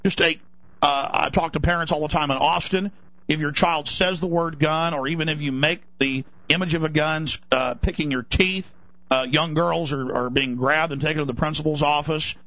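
A man's voice: fairly high pitch, fairly even intonation, moderate pace, a bit bright, no echo. Man ranting heatedly on talk radio. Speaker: radio talk show host. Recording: dull lo-fi broadcast audio.

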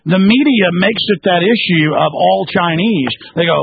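A man's voice: high-pitched, moderate pace, noisy background. A man hosting a talk radio show, ranting heatedly and calling his listeners folks. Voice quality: gravelly, raspy. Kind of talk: angry talk radio monologue. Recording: dull lo-fi radio sound.

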